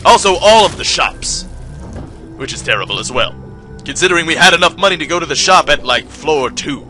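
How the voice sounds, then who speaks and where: Brief: young guy narrating his game run, dry humor, bright higher voice. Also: fairly quick, soft background music. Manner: wry, self-deprecating, deadpan asides. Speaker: gameplay commentator. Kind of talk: casual let's play commentary.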